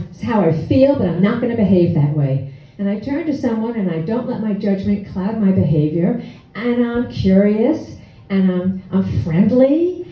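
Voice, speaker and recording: A woman in her sixties telling a personal story on stage, wry and animated, acting out her own past lines. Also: medium pitch. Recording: echoey hall, distant dull mic.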